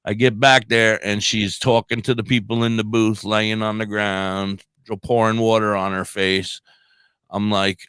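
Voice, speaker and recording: A middle-aged man hosting a radio show, telling a rambling, animated story in casual chat. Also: fairly low pitch, moderate pace, clean tone, no echo. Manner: rambling, animated anecdotes with laughs.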